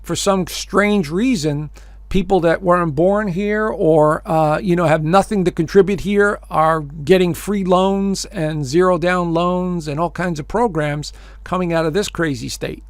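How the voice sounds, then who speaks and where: Gravelly man giving emphatic casual commentary. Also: sits high, unhurried, dry recording. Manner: emphatic, addresses listeners as folks; many fillers and repeated phrases. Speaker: astrologer hosting his own video show.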